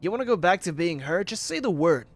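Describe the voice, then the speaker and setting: A man's voice: high-pitched, sing-song, fast talker, exaggerated voice. A man voicing a cruel, controlling talent manager, bullying and scolding while reading game dialogue aloud. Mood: menacing.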